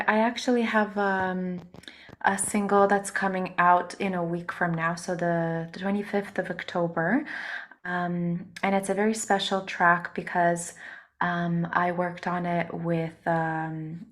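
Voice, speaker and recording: A woman singer with a hoarse voice from a cold, speaking softly with many pauses in a casual interview. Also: fairly low pitch, flat delivery. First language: Russian. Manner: soft-spoken, many ums and pauses. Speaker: singer and musician, interview guest.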